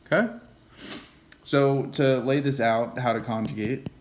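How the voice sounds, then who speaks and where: A man giving a casual classroom lecture, often checking in with "okay?" and "right?" and dropping into quiet whispered asides. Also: medium pitch, steady tone, normal speed, a little hiss or hum, poor audio. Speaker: teacher.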